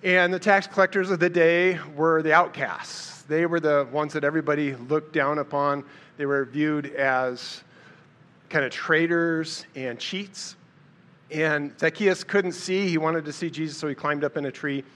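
A man delivers a casual sermon in a conversational, storytelling manner. His voice sits a little on the high side, and he slips into quick voiced-out lines for the people in his stories. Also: fairly even intonation, a bit bright. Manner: conversational, storytelling, acts out quotes with a raised voice. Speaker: preacher.

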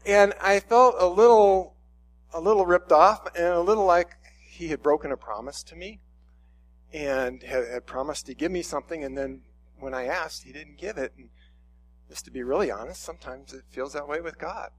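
Chatty middle-aged male preacher, higher voice. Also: normal speed, slight background noise. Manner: conversational storytelling with frequent restarts. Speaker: pastor. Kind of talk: sermon.

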